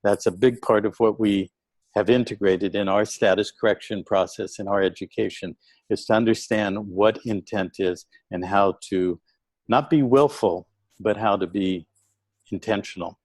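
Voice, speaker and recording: A man speaking as a guest in a casual online interview, talking deliberately and tagging his points with "okay?". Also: on the low side, darkish tone, dry recording, rough recording.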